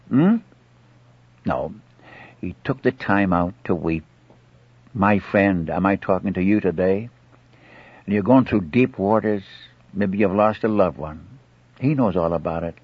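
A man's voice: low voice, measured pace, long pauses, breathy edge, no room sound. A man preaching an earnest sermon, acting out scripture dialogue and pleading directly with his listeners. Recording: muffled old dry recording.

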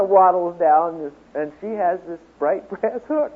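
A man speaking at a Bible teaching seminar, telling a story and then lecturing to a class in an animated way, acting out the quotes. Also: fairly high pitch, moderate pace, husky. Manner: animated storyteller, acts out quotes, laughs along. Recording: tinny phone-like lo-fi recording.

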